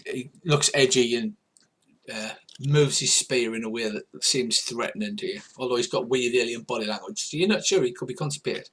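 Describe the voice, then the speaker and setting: An older man narrating a tabletop game as its game master. His voice is husky and his pitch sits in an ordinary middle range. He rambles wryly, with plenty of fillers. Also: brisk, a bit bright.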